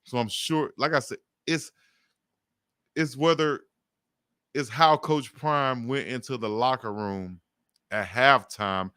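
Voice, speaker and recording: Bright, crisp-voiced man breaking down a game. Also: medium pitch, slow pace, long pauses, no echo, studio quality. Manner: animated play-by-play retelling. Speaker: guest football commentator. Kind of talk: casual sports debate.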